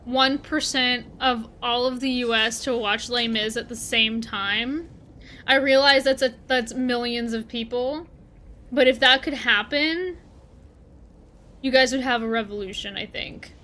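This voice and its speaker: Her voice leaning high, steady, and measured, yet pushed and bright, this Canadian-accented streamer keeps up a chatty back-and-forth with her chat while she plays, replying to viewers' messages in a relaxed livestream.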